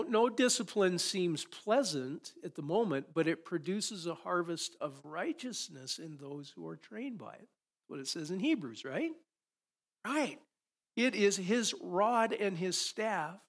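A male pastor preaching in a church sanctuary. His voice sits a little high, and he throws out rhetorical questions. His delivery swells with passion as he goes. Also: very animated, a little slow, fairly bright tone. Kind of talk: sermon.

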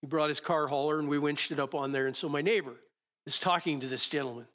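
A man's voice: on the high side, steady tone. A man preaching a sermon in a conversational, storytelling way, asking the listeners rhetorical questions. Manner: reads scripture slowly and softly.

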